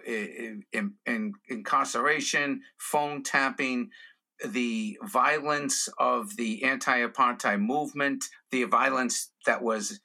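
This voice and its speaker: Bright-voiced comedian telling stories. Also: male voice, medium pitch. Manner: animated storyteller who slips into character voices. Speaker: comedian and guest. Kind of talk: storytelling in a podcast interview.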